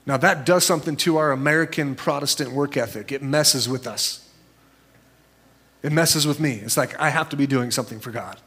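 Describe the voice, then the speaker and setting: A man preaching a sermon as a pastor, conversational and storytelling, jumping into high voices when he quotes people. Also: moderate pace, a bit bright, husky.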